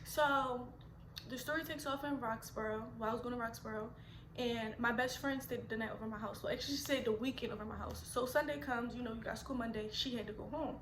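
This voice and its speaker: Young philly woman telling a story on camera, high voice, kinda bright, echoey room. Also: fast, background noise. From Philadelphia. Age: 20s. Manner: animated, chatty, slangy storytelling. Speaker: vlogger. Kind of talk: storytime vlog.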